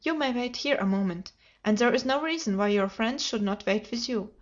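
A woman's voice: a little high, animated, moderate pace, natural voice. A woman reading the part of a nervous, overwrought male company manager who pleads under strained politeness, in a dull lo-fi recording.

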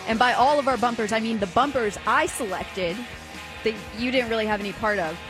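A woman's voice: fairly high pitch, fairly quick, over music. A woman co-hosting a radio talk show, telling stories in a dry, matter-of-fact way. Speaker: radio co-host. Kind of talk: casual radio banter. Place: radio studio.

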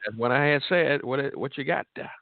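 A man's voice: medium pitch, a little fast, dry recording. A middle-aged man, hosting a call-in radio show with boastful, joking trash talk and frequent laughter. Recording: tinny phone-like audio.

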